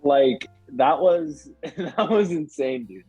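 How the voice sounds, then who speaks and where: Husky young man, dull dry recording. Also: on the high side, animated, slow, darkish tone, soft background music. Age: young adult. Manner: rambling, hedging with many "like"s. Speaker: podcast guest. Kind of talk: casual chat.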